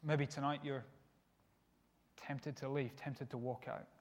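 A man preaching a sermon in an earnest way, dropping to hushed lines and rising for emphasis. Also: mid-range voice, steady tone, takes it slowly. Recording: long reverb of a hall.

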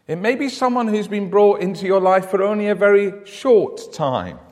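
Male pastor, earnest storytelling sermon, slightly raised pitch, long church reverb. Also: lively intonation, moderate pace, a little mellow. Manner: earnest storytelling, repeats words when starting. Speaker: preacher.

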